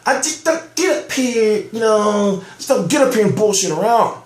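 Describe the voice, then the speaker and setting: A man's voice: high-pitched, expressive, normal speed, reverberant. A man giving heated, profane commentary on boxing news in a ranting vlog, amped up and emphatic. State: amped up on soda.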